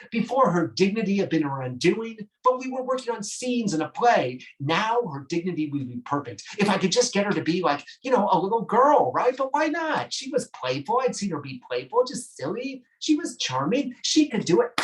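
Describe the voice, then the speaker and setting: Man telling a lively stage story. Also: far from the mic, low-quality recording. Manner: animated, gushing, with sudden high swoops. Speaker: solo performer. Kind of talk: theatrical storytelling monologue. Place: theatre stage.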